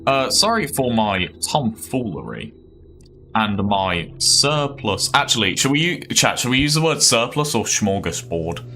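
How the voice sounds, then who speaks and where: A man's voice: medium pitch, sing-song, measured pace, pushed and bright, soft background music. A young man with a Birmingham accent, chatting casually with his live chat while he plays a game. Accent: Birmingham English. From Birmingham, England. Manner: chatty, rambling, self-deprecating, talks to chat. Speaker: streamer. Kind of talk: casual live-stream chat over gameplay.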